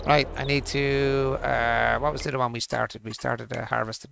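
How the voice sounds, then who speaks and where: A man's voice: mid-range voice, steady tone, moderate pace, creaky, hardly any pauses, fairly bright tone. A man hosting a livestream of a farming game, chatting casually with his viewers and teasing them in jokey banter, laughing often and swearing freely. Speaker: livestream host. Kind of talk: casual chat while playing a farming game.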